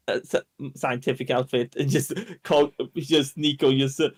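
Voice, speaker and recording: A tabletop game player who speaks stubbornly, with halting restarts in character. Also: medium pitch, fairly even intonation.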